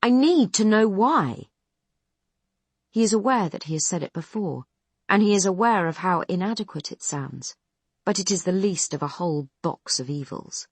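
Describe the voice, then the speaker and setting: A woman narrating an audiobook in a steady, even storytelling manner. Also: fairly low pitch, a little fast, breathy edge, no echo.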